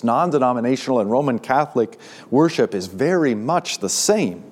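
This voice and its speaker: Male pastor, sermon delivery, emphatic rises on key words, mid pitch.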